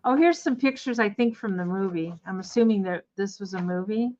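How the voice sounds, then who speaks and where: A woman's voice: mid-range voice, fairly quick, a little mellow. A woman hosting a live vintage sale, chatting in a rambling way with laughing asides. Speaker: host selling vintage items. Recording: dull lo-fi sound.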